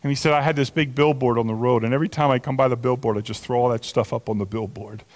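A man in his sixties, a pastor preaching a sermon, animated and chatty, telling stories with many restarts and asides. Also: mid-range voice, fast talker, in a large hall. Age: 60s.

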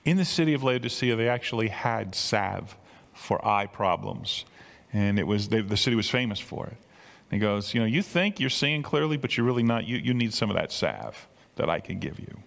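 A man's voice: on the low side, sing-song, normal speed, vocal fry, fairly bright tone, long reverb tail. An older man preaching a sermon in a conversational way, often repeating words and building to emphatic peaks. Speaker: pastor.

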